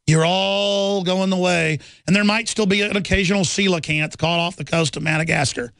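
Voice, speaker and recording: A man rants through a talk radio monologue, combative and taunting. His voice sits high for a man. The sound is dry and close, with no room around it. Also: normal speed, vocal fry, fairly bright tone, no echo. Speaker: radio talk show host.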